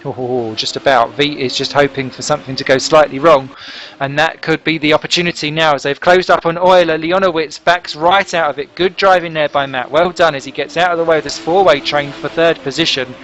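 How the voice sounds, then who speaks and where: A man giving lively, jokey play-by-play commentary on a sim race broadcast. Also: fairly high pitch, fairly quick, slight background noise. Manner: excitable, jokey, chatty play-by-play. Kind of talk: live sim racing commentary.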